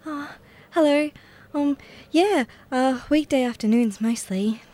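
A woman's voice: sits high, takes it slowly, warm tone. A woman playing a shy, awkward Scarecrow figure who writes bad love poetry, in a comedy audio drama. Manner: timid, apologetic, awkwardly earnest. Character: Scarecrow, shy awkward hopeless-romantic poet.

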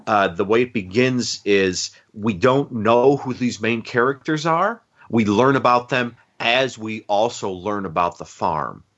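Reviewing a TV movie in casual podcast chat, this co-host speaks a little slowly in a lowish voice, barely pausing, and the audio sounds dull. His talk wanders, full of fillers and false starts, with animated retellings.

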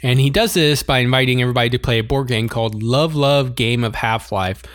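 A man's voice: mid-range voice, fast, a bit bright, dry recording, clean studio sound. A man co-hosting a casual chat, animatedly recapping an anime episode and laughing often as he reads out scenes. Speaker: podcast co-host.

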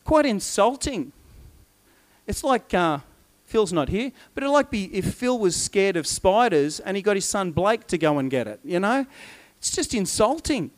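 A man preaches in an animated, storytelling way and slips into voices for the people in his tale. His voice sits a little high for a man. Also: a little slow. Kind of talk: sermon.

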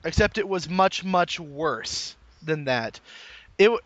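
Bright high-voiced young man, dry sound. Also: takes it slowly, no room sound, dull audio. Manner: laughing often, animated storytelling. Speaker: new call center employee. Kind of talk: casual chat.

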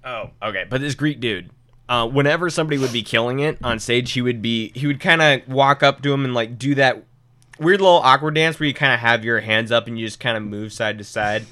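A man's voice: medium pitch, brisk, sharp tone, dry recording. A young man in casual chat, telling stories animatedly and swearing often.

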